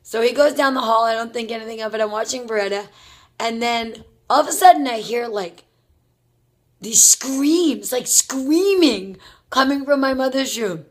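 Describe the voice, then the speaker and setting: Brief: middle-aged New woman, high voice, rambling chatty storyteller. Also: normal speed. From Brooklyn, New York. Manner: chatty, rambling, lots of "like" and "you know". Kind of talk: casual personal storytelling.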